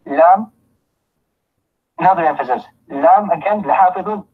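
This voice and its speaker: A man teaching a Quran commentary lesson, reciting Arabic verses quickly and then explaining them in English with many restarts. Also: fairly high pitch, breathy edge, narrow, tinny audio. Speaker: Islamic teacher.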